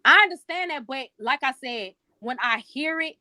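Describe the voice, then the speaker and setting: A woman's voice: high voice, expressive, moderate pace, bright, forceful tone, no echo. A woman co-hosting a podcast, speaking in an earnest, emphatic and heartfelt way in casual debate. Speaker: podcast co-host.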